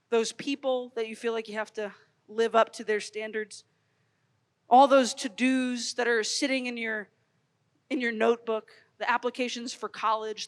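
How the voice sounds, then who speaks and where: A woman in her thirties speaks to young people in a storytelling way, building up loud and then dropping to a hush. Her voice sits high, and a long reverb trails behind her from a large hall. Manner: expressive, storytelling, swings from loud to hushed. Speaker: speaker at youth conference. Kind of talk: animated Catholic youth talk.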